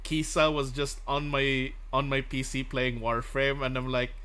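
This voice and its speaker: A man's voice: mid-range voice, a little slow, smooth. A young man chatting casually as a streamer host, telling stories with lots of laughter and acted-out quotes. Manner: laughs often, animated storytelling with voiced quotes. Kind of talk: casual chat while drawing.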